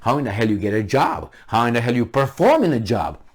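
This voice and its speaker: A man's voice: mid-range voice, very animated, fairly quick, breathy edge. A man giving opinionated solo commentary in a vlog, sarcastic and incredulous, firing off rhetorical questions. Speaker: vlogger.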